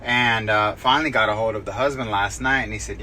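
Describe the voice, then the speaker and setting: A man's voice: on the low side, a little fast, few pauses, bright, forceful tone, a little hiss or hum. A man, a real estate agent, chatting casually and self-deprecatingly to the camera while he drives around. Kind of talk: casual driving vlog. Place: in a car.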